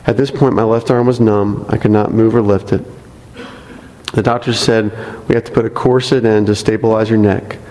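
Brief: man with a lowish voice reads a testimony to a congregation, earnest with wry asides, church-hall echo. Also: little pitch movement, moderate pace, a little mellow. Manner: earnest reading broken by light asides. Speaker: church member reading a testimony. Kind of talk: reading a testimony aloud to a congregation. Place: church sanctuary. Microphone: microphone.

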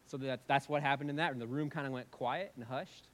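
A man, a pastor, preaching a sermon in a church, earnest and emphatic, swinging from loud urgent passages to quiet prayerful tones. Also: mid-range voice, fairly quick. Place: church sanctuary with congregation.

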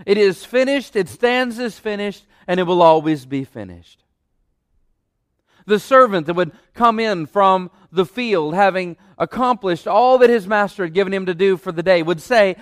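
Preacher guy, pretty high voice, dry close mic, hammers phrases over and over. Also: lively intonation, normal speed, clear, resonant tone, no room sound. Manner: emphatic, repeats key phrases. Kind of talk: sermon. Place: church stage.

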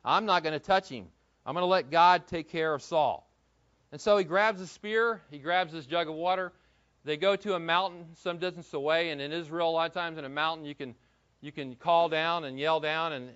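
A man's voice: on the high side, fairly quick, a bit bright, clean tone, highs cut off. A man preaching an expository Bible sermon in a conversational way, asking the congregation questions as he retells the story. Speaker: pastor.

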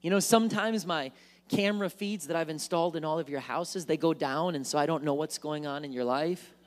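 A man preaching a sermon in church, animated, acting out worried voices and joking asides. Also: on the high side, fairly quick. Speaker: pastor. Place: church sanctuary.

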